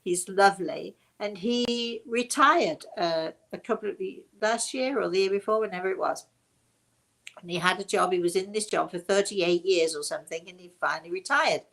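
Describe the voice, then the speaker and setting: An older woman hosting a casual chat for her webinar audience, rambling warmly with many restarts and bursts of laughter. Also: medium pitch, moderate pace, vocal fry. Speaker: host.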